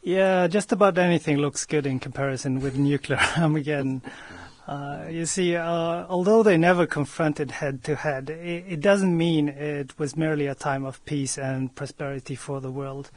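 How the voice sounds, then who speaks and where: A man co-hosting a radio talk show, explaining history with many pauses and fillers. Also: on the high side, fairly even intonation, a little hiss or hum. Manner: hesitant, many ums and restarts. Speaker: co-host. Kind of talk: casual history discussion.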